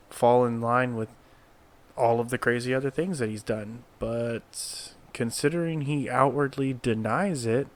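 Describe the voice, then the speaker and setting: Man, commentary narrator, slow and deliberate, mid-pitched voice. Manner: measured, deliberate. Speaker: video narrator.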